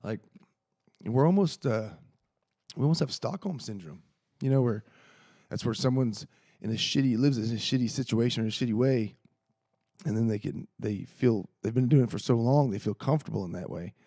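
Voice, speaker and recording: A podcast host rants on a casual solo show, rambling, heated, and swearing constantly. His medium-pitched voice is gravelly, dark, and husky, recorded close and dry with no room sound, and he speaks at a moderate pace.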